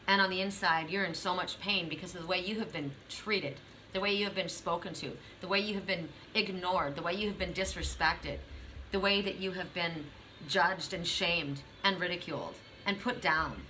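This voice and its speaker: A woman's voice: on the low side, moderate pace, bright, forceful tone, slight background noise, low-quality recording. A middle-aged woman reading oracle cards for her viewers, speaking earnestly and directly to the listener with repeated, affirming phrases. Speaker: oracle card reader. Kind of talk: spiritual card reading to viewers.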